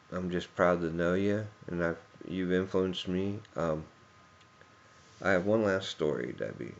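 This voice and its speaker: A man with a very low, gravelly voice gives a rambling personal tribute, full of anecdotes and frequent chuckles. The recording is dull and lo-fi. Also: a little hiss or hum. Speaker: speaker giving a tribute.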